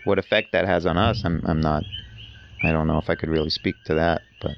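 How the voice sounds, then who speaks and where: A man's voice: very deep voice, steady tone, brisk, gravelly, muffled recording, a little hiss or hum. A man talking as a podcast guest in casual conversation, telling rambling, enthusiastic stories.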